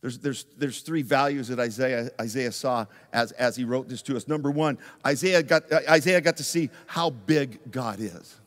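A man who is a pastor, telling a lively story in a sermon, moving from loud excitement down to hushed intensity. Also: on the high side. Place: church sanctuary. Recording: long church reverb.

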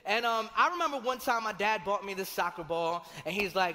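A young adult man, a pastor preaching a sermon and telling stories from his own life in a conversational, animated way, acting out the voices he quotes. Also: high voice, fairly quick, hardly any pauses. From Colombia. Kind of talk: sermon with personal storytelling. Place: large church hall. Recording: long reverb of a church hall, faint music.

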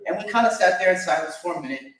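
Young man with a higher voice gives an affectionate eulogy, heard from a distance in a very echoey church. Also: animated, racing, a bit bright. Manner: storytelling, chuckling fondly. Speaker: eulogy speaker. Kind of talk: personal memorial tribute. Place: church sanctuary.

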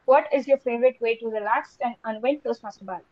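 A woman runs the impromptu speaking part of an online club meeting in a high voice. She repeats each question patiently. Her audio is dull and dry, typical of a video call. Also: fast, dry recording. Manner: repeats questions, laughs lightly. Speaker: table topics master. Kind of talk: meeting hosting.

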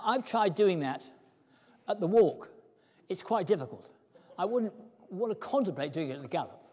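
Animated older man lecturing. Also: sits high. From Britain. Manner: animated storyteller, acting out props. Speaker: speaker at a historical society talk. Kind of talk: lively lecture with demonstrations. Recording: hall reverb.

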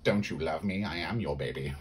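A man voicing a creepy shapeshifter creature pleading with its mother, in a low, mock-pitiful murmur. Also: a little fast, husky.

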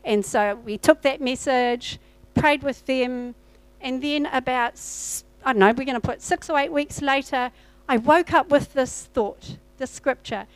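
A woman pastor tells a personal testimony from the pulpit in a high, bright voice. She acts out her own past dialogue as she goes. The sound is dry and close, with little room echo. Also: normal speed, clear, resonant tone. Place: church.

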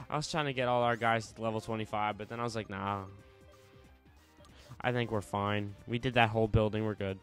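Young male let's-play host, low clean voice, relaxed and jokey, faint game music under him. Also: fast talker, few pauses. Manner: casual, joking, reads game text aloud. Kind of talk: gameplay commentary.

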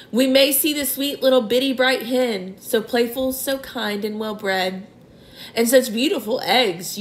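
A woman's voice: mid-range voice, lightly acted, rough recording. A woman voicing a grinning, boastful male centipede who recites a bouncy rhyming verse. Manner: exuberant, sing-song rhyming.

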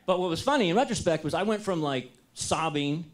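An American man giving a talk to an audience, telling a personal story in a lively, self-deprecating and humorous way. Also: on the high side, brisk. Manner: lively, self-deprecating and humorous, acts out his own past dialogue.

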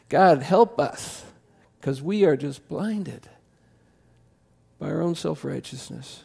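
Pastor, gravelly voice sitting a bit high, impassioned conversational sermon. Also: male voice, fairly even intonation. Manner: impassioned, conversational preaching with quick swings to loud emphasis. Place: church sanctuary.

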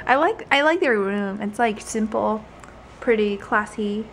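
Giggly young woman with a lively voice. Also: mid-range voice, slow pace, slight background noise. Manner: giggly, rambling, playful. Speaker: visiting friend giving a room tour. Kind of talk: casual chat. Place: apartment indoors.

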